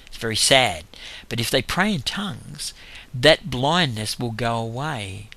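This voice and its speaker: An older man, telling a lively testimony about his street evangelism, laughing as he goes. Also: mid-range voice, unhurried, vocal fry. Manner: animated storytelling with laughs. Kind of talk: testimony talk.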